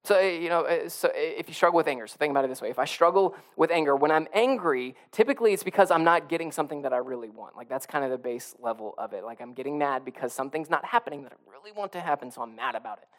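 A man's voice: on the high side, animated, racing, hardly any pauses. A male pastor preaching a sermon in a conversational way, often repeating and restarting phrases and building to emphatic peaks.

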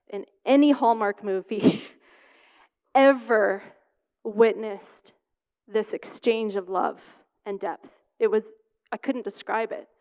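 Woman preaching with clear ringing voice. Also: a little high, a little mellow. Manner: emphatic, repeats words for stress. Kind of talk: sermon with scripture reading and personal story. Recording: long hall reverb.

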